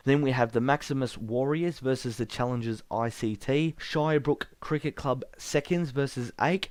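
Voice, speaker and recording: A man's voice: medium pitch, a little mellow, smooth, no room sound. A man hosting a casual podcast, chatty with frequent ums. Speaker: podcast host.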